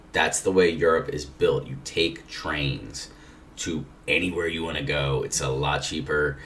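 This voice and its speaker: Deep-voiced man telling a rambling story. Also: a bit bright. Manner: profane, rambling, laid-back. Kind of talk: casual anecdote telling. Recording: distant mic with faint noise.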